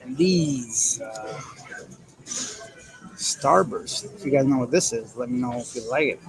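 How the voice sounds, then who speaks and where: Over poor audio, a medium-pitched man speaks at a measured pace while live-streaming from an airport transit area on his phone. The Canadian chats candidly and jokingly as he goes through viewer comments, with the crowd noise and PA announcements of a busy airport behind him.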